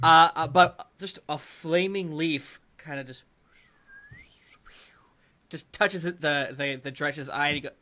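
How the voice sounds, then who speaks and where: A man's voice: fairly high pitch, fairly even intonation, unhurried, pauses often, bright, forceful tone. A man running a tabletop game as dungeon master, narrating playfully with lots of fillers. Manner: playful, rambling, with many fillers.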